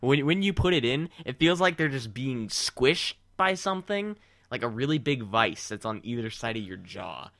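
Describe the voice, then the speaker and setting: Young guy, casual banter, teasing and rambly; bright, very animated delivery, dry sound. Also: mid-range voice, moderate pace, creaky, dry recording. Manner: teasing, rambling with many restarts. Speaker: friend chatting. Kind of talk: casual chat.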